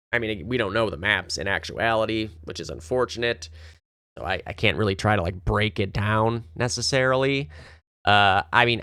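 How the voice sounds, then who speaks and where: A man's voice: on the low side, a bit bright, smooth, dry recording, clean studio sound. A young man hosting a podcast, casually breaking down esports playoff matchups with loose, rambling talk and casual swearing.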